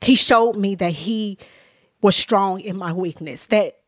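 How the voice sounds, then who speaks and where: Earnest and emotional, this woman, a minister and author, recounts her faith testimony as a podcast guest in a candid, conversational way that includes many restarts. Her mid-range voice keeps a measured pace. The clean studio recording has no echo.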